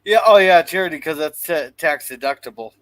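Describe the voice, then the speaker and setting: A man's voice: on the high side, lively intonation, fairly quick, no echo, low-quality recording. A man joining a casual panel talk, searching for words as he chats. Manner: gropes for words, chatty. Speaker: panel guest. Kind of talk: casual chat.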